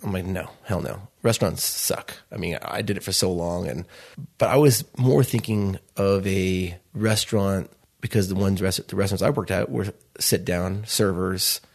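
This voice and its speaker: Man in his 30s, restaurant owner, low gravelly voice, loose rambling storyteller. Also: moderate pace. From Chicago. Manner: loose, rambling storyteller acting out quoted dialogue. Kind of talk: storytelling interview.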